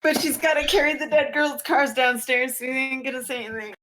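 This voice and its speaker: A woman player in a tabletop game, narrating her character with dry, deadpan humor. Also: high voice, a little fast, a little hiss or hum, poor audio. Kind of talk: casual tabletop play.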